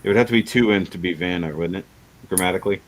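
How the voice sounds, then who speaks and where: A man's voice: low voice, very fast, poor audio. A man hosting a casual livestream chat, rambling and laughing often. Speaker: livestream host.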